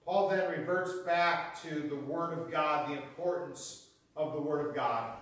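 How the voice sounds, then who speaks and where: A pastor preaching a sermon in an earnest teaching manner, repeating key phrases for emphasis. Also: male voice, fairly high pitch, fairly even intonation, measured pace, a bit bright. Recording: very echoey hall, mic far off.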